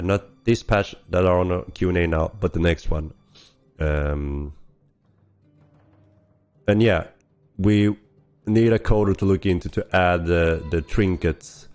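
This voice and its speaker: A man hosting a casual livestream Q&A while hoarse from a cold, with a rough, gravelly voice, coughing and clearing his throat often. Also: very deep voice, a little mellow. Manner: chatty, frequent throat clearing and laughs. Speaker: game developer hosting a weekly stream.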